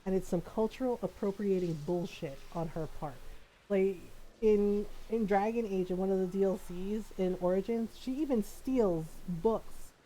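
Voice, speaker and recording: A woman's voice: mid-range voice, moderate pace, a little hiss or hum, low-quality recording. A woman streamer chatting casually while playing a game, talking to her chat and laughing often. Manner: animated, laughs often, quotes people in playful voices. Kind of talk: casual gameplay chat with chat readers.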